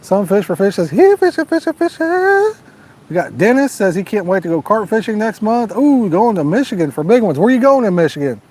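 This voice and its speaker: A man's voice: high-pitched, lively intonation, fast, few pauses, a little mellow, breathy edge. Joking man hosting a live fishing stream. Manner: joking, laid-back, folksy. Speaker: fishing channel host. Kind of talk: live stream chat, reading viewer comments. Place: outdoors by the water at night.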